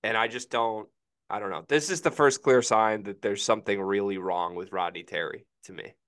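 A man's voice: lowish voice, fairly even intonation, moderate pace, a bit bright, smooth. A young man co-hosting a casual sports podcast, thoughtful and hedging, often saying he isn't sure. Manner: hedging, thoughtful, many "I don't know"s. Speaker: podcast co-host.

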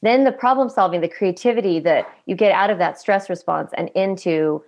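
A woman's voice: medium pitch, fairly quick. A middle-aged woman, a parenting coach, talking in a podcast interview and acting out parents' voices as she explains. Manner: animated, acts out parents' voices in quotes.

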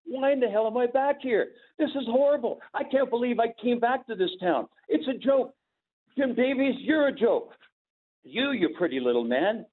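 A man's voice: very high-pitched, lively intonation, moderate pace, breathy edge, pitched above the performer's own voice, exaggerated voice. A man voicing a furious, sneering heel wrestler who rants insults, over a tinny phone-like line.

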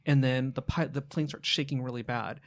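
Man, psychic medium guest, quick vivid storytelling, casual podcast chat. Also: medium pitch, steady tone. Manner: rapid, vivid storytelling with swearing.

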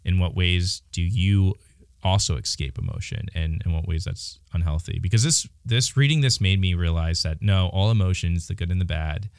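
A man's voice: low-pitched, moderate pace, clean tone, no room sound, clean studio sound. A man co-hosting a podcast in casual chat, speaking in a laid-back, wry way. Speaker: podcast co-host.

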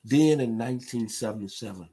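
A man's voice: mid-range voice, brisk, mellow, husky. A man from Memphis, giving an emphatic sports commentary monologue. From Memphis, Tennessee. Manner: emphatic, builds to impassioned outbursts.

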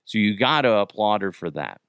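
A man's voice: fairly low pitch, lively intonation, a little fast, fairly bright tone, clean tone, no room sound, studio quality. A man hosting a comedy podcast, chatting casually and rambling, with many restarts and asides. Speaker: podcast host.

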